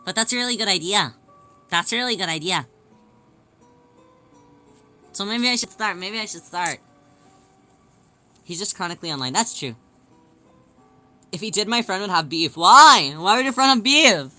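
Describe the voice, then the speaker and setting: A woman chatting casually on a livestream as she sews, playful and giggly, answering chat and whining in drawn-out yelps. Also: mid-range voice, animated, pushed and bright, faint music behind. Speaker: streamer.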